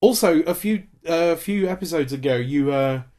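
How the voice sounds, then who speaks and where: A man from Britain co-hosting a podcast in casual chat, jokey, with quick asides and a lot of laughter. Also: on the high side, a little mellow. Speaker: podcast co-host.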